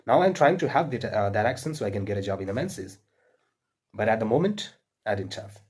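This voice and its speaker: A man's voice: on the low side, big pitch swings, brisk, a little mellow, slightly rough. A man with an Indian accent giving earnest, repetitive spoken advice to English learners, with frequent fillers and restarts.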